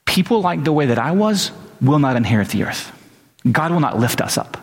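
A man preaching a sermon, telling a story in a conversational, animated way. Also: a little high, brisk. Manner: conversational, animated when quoting himself. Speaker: pastor. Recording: long reverb of a large hall.

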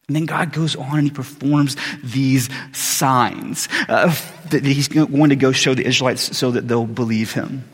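A man's voice: a little high, slightly rough. A man preaching in a casual, conversational way, often saying "like" and "right?", heard with long hall reverb in a church sanctuary. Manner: conversational, frequent "like" and "right?", restarts. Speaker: pastor. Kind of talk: sermon.

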